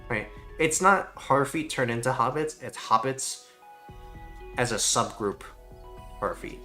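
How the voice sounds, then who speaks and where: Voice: mid-range voice, a bit bright. A streamer chatting casually while gaming, ranting in a rambling, profane way.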